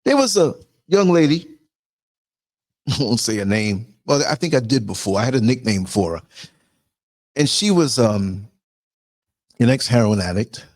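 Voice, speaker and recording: A man hosting a podcast, telling stories in a loose, conversational way, with quick asides to his listeners and bursts of mimicry. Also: mid-range voice, dry recording, clean studio sound. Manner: animated, jumps into mimicry and sound effects; conversational, frequent asides to viewers. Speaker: podcast host. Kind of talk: casual storytelling monologue.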